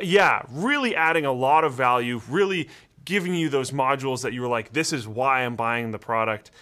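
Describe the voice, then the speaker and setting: A man's voice: medium pitch, bright, forceful tone. A man co-hosting a casual tech talk show, reading the news with dry sarcasm. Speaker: show co-host. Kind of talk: casual chat.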